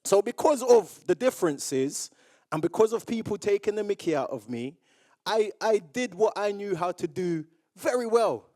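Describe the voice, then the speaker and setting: Animated high-voiced man giving a speech. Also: normal speed. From Jamaica. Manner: animated storyteller who acts out remembered dialogue. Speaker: public speaker. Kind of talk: motivational speech to a live audience. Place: awards event room with audience.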